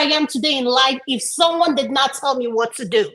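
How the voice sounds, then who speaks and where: A woman's voice: high-pitched, animated, normal speed, hardly any pauses, sharp tone, rough recording. A woman from Africa on a discussion panel, speaking emphatically and making her opinions plain.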